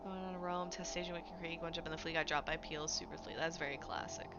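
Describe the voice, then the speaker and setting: A woman streamer talks through a live game in a chatty, slangy, easily excited way. Her voice sits a little low for a woman. Clear background music runs under her commentary. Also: quick pace, highs cut off.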